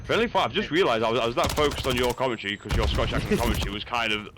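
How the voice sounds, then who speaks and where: A man's voice: medium pitch, racing, background noise. A Welsh man commentating a live esports shooter match, bantering and laughing often. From Wales. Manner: chatty, jokey banter with frequent laughs. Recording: gunfire and game sounds over the voice. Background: game gunfire and explosions.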